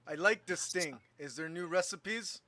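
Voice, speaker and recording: Bright-voiced man at a tabletop game. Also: high-pitched, unhurried, no room sound. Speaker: player. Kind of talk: casual tabletop play.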